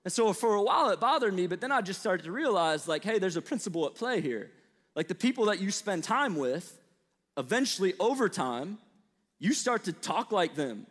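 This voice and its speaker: A young Midwestern man with a slight Southern twang gives a relaxed, talkative sermon to college students. His voice sits high for a man, and it rings out with the long reverb of a big hall. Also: normal speed. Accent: Midwestern American with a slight Southern twang. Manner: conversational, storytelling, lots of fillers and asides. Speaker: preacher.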